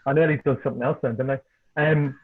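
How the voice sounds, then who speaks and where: A middle-aged man from Liverpool with a Scouse accent, a podcast guest and author telling animated anecdotes in casual chat. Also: medium pitch, fast talker, crowd noise. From Liverpool, England. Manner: animated anecdotes, repeats words when excited. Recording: tinny phone-like call line.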